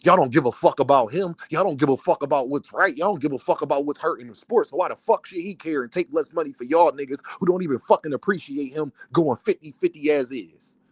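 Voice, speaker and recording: A man's voice: a little high, quick pace, hardly any pauses, husky, no room sound. Angry, foul-mouthed man ranting. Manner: angry, profane and heated. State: worked up and fuming. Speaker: boxing content creator. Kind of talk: livestream rant.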